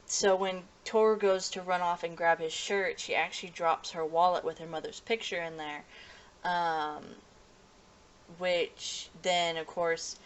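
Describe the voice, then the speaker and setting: Chatty, rambling woman with a lowish voice. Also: steady tone, measured pace, smooth. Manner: rambling, with frequent fillers and self-corrections, chuckling often. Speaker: anime episode reviewer. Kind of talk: casual unscripted review.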